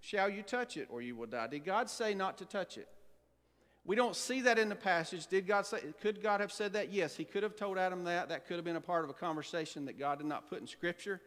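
A man's voice: a little high, fairly bright tone. A man preaching a sermon as pastor, emphatic and full of rhetorical questions to his congregation. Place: church sanctuary. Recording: long hall reverb in a church.

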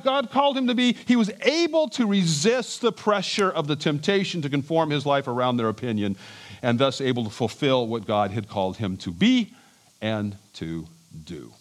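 A man preaching an expository sermon as a pastor, emphatic and animated, with chuckles and restarts. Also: on the high side, moderate pace.

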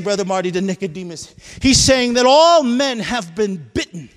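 A male pastor preaching a sermon, swinging between shouted climaxes and hushed asides. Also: high voice, expressive, normal speed. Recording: long hall reverb.

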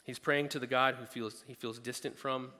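A man preaching a sermon, talking conversationally and rising to loud, emphatic peaks. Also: mid-range voice, fairly even intonation, moderate pace, in a large hall. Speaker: pastor.

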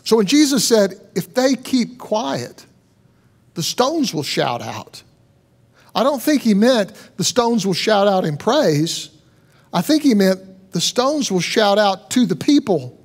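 High-voiced man preaching earnestly. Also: a little mellow. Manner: conversational, earnest preaching with rhetorical questions. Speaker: pastor. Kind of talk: sermon.

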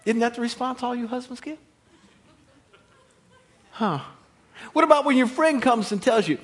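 A man preaching a sermon, swinging from loud exhortation to hushed near-whispers and repeating words as he builds a point. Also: very high-pitched, moderate pace, long pauses. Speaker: pastor.

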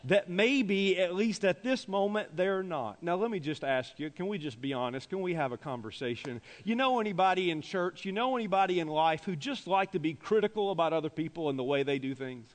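A fairly high-voiced man preaching to his congregation, dropping low and quiet, then climbing to insistent emphasis. He slips in wry, self-mocking asides. His voice rings with the long reverb of a big church hall. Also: expressive, brisk, hardly any pauses. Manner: swings between quiet reflection and raised emphatic preaching, with asides of dry humor. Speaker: pastor. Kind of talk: sermon.

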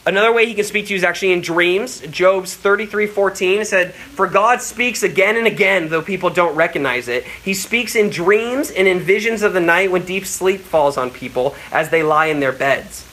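Male preacher, casual storyteller, bright tone, slightly high. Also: normal speed, hardly any pauses, rough recording. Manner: casual, animated storytelling with acted quotes. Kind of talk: sermon.

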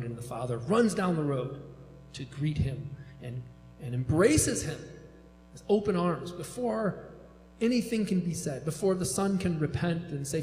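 A man's voice: on the high side, mellow, reverberant, long reverb tail, low-quality recording. A man retelling a parable in a conversational sermon style, with many asides and restarts.

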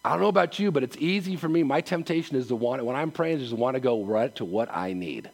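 A male pastor preaching a casual, animated sermon, laughing often and acting out quotes. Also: medium pitch, quick pace, gravelly, slightly rough.

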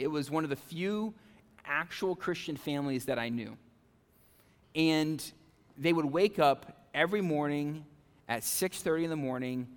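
Animated male pastor in a reverberant hall. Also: on the high side, smooth. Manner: conversational, animated, many "okay?" and "right?" asides. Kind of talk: sermon. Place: church sanctuary.

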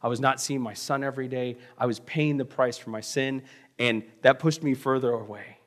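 A middle-aged man preaching a sermon, telling a personal story and acting out the voices he quotes, swinging from loud to hushed. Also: medium pitch, fairly even intonation, normal speed. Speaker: pastor.

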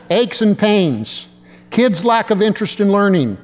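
A man's voice: high-pitched, in a large hall, a little hiss or hum. A male pastor preaching a sermon in a conversational way, with self-deprecating humor.

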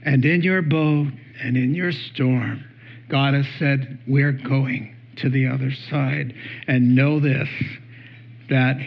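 A man's voice: medium pitch, fairly even intonation, slow, gravelly. Guy preaching a sermon, earnest, gets emphatic, kinda muffled lo-fi sound. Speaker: pastor.

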